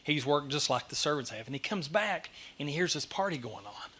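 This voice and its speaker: A middle-aged man preaches in a church, his voice bright and sitting a little high. He tells the story in an animated way and pokes fun at himself as he goes. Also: brisk, breathy edge. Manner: animated storytelling, self-deprecating. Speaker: lay speaker giving a church message. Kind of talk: sermon. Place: church sanctuary.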